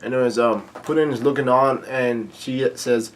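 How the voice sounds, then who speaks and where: A man recapping a comic chapter in a casual, halting read-aloud. He pauses with ums and restarts often, his voice at an ordinary middle pitch. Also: fairly even intonation. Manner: hesitant, many ums and restarts. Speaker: manga reader-reviewer.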